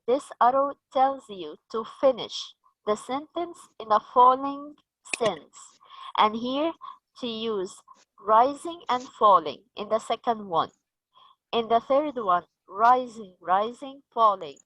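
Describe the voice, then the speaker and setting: Egyptian woman teacher trainer, slightly high voice, slow and patient, dry close sound. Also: fairly bright tone, no room sound, poor audio. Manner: slow, patient, asks the group questions.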